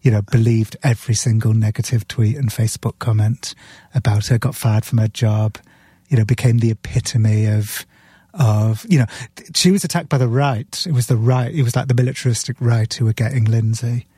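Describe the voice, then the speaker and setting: A man's voice: mid-range voice, fairly even intonation, fairly quick, dark tone, breathy edge, no echo. A man talking as a guest in a podcast conversation, earnestly retelling a story scene by scene. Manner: sipping beer while talking. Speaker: author guest.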